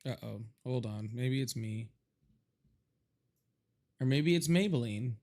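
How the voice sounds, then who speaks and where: A man's voice: mid-range voice, animated, slow pace, a little mellow. A man hosting a live political stream, chatting loosely, laughing a lot and reading out donations. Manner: loose, rambling, laughs often, reads donations aloud. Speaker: livestream host. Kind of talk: casual livestream chat.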